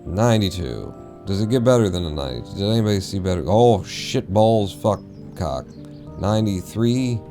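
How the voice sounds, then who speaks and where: A man's voice: on the low side, lively intonation, moderate pace, warm tone, soft background music. A man streaming a game, rambling and swearing casually to himself as he plays. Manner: rambling, profane, mumbling to himself. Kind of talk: casual live-stream gameplay chatter.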